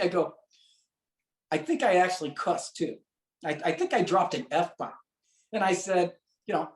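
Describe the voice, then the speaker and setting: An interview guest from St. Louis, USA tells a personal story, acting out the voices of the people he quotes. He speaks at normal speed in a high-pitched voice with long pauses, recorded with a roomy echo.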